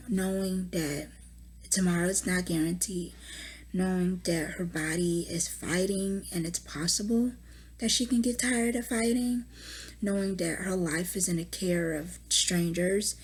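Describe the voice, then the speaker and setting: A young woman, a mother recording a personal video diary at home, exhausted and distraught, speaking haltingly and often dropping to a whisper. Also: on the low side, a little hiss or hum. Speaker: mother giving a family update.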